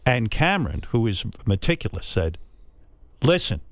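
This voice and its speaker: A male interviewer asks leading questions and keeps affirming his guest. His pitch moves around a lot, and the recording is dry and close. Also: sing-song, normal speed, no echo. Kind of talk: sit-down interview.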